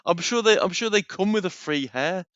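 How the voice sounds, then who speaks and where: A man's voice: sits high, animated, normal speed, a bit bright, smooth, no room sound, muffled recording. A man co-hosting a casual chat, grumbling in a jokey way. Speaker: co-host.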